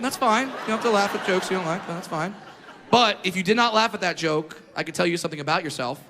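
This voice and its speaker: A man from Southern California doing a stand-up comedy set on stage, telling stories in a brash, profane, animated way. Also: sits high, in a large hall. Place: comedy stage before an audience. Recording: live set with clear background noise.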